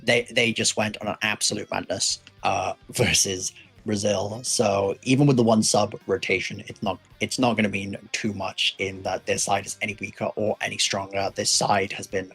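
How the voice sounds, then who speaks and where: A man giving play-by-play commentary on a competitive racing match, measured and hedging, with frequent fillers. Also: on the low side, a bit bright, slightly rough, low-quality recording. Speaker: esports commentator.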